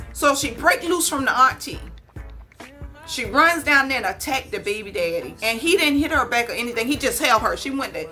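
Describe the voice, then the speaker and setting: A woman vlogger casually retelling a story, animated and folksy, calling listeners honey and baby. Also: fairly high pitch.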